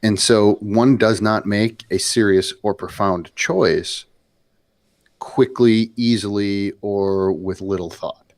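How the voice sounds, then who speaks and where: Low, gravelly man, dry and close. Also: dry recording. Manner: earnest, deliberate explainer. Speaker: podcast co-host. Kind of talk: casual discussion.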